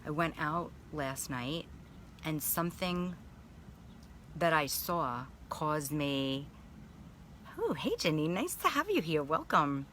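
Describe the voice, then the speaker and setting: A woman coaching on a live video while sitting in a baby pool, talking candidly and with plenty of swearing about feelings and energy, and pausing to greet viewers by name. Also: sits low, sing-song, a bit bright, a little hiss or hum. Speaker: spiritual coach.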